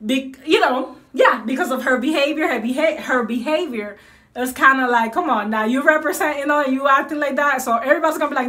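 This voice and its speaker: A Puerto Rican woman, around her thirties, talks casually and emphatically to her viewers, dropping Spanish phrases into her English. Her voice sits high and sounds bright. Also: quick pace. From Puerto Rico. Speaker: vlogger answering viewers. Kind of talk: casual chat.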